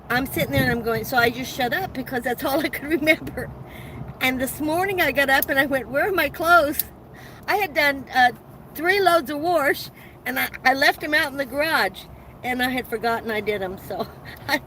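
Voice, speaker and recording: A woman with a fairly high, fairly bright voice hosts a casual live chat from inside her van. She tells rambling stories, restarting often and laughing, over poor audio with slight background noise.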